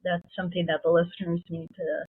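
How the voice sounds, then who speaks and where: A woman's voice: lowish voice, completely flat delivery, fast talker, slightly rough. A woman hosting a podcast, encouraging her guest and asking reflective questions. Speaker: podcast host. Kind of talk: supportive interview. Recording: tinny phone-like line.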